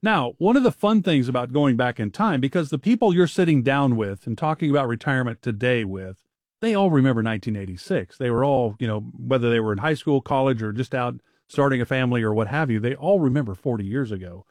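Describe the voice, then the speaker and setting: A man's voice: mid-range voice, expressive, quick pace, darkish tone, no room sound, clean studio sound. A man in his fifties hosting a radio show, talking in an upbeat, chatty way. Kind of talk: casual radio chat.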